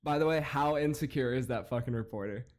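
A man's voice: mid-range voice, fairly quick, a little mellow, slight background noise. A man hosting a comedy podcast, ranting and mocking with lots of swearing and laughter. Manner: profane, mocking, laughs a lot. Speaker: podcast host.

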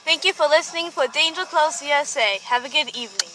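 Soft, high-voiced girl in a car. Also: lively intonation, fast, music in the background, low-quality recording. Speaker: host's daughter.

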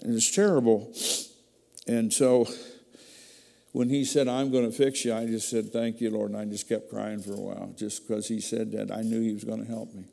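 A man's voice: lowish voice, little pitch movement, normal speed, gravelly, warm tone. Folksy preacher man in a reverberant hall. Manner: folksy, emotional storytelling. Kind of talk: testimony sermon.

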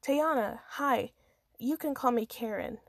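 A woman voicing a formal, concerned female college chancellor who speaks gently and probingly in a storybook reading. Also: a little high, a little slow, vocal fry, no room sound, studio quality.

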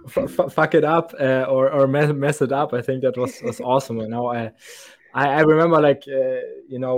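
A man's voice: mid-range voice, a little mellow. A young man with a thick German accent, a podcast guest chatting casually, often stammering and restarting his sentences. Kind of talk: casual chat.

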